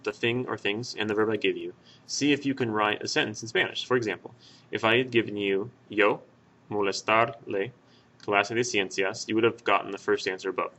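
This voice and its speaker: A man with a lowish voice walks through a Spanish grammar lesson as a voice-over. He explains patiently, pausing on fillers and correcting himself as he goes. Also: fairly bright tone, slight background noise. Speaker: Spanish teacher. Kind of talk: screen-recorded grammar lesson.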